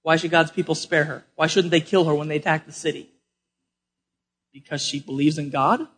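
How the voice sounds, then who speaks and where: A man preaching a sermon to a live congregation, swinging from loud emphatic questions to quiet explanation. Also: on the high side, fairly even intonation, a little fast, slightly rough. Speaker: pastor.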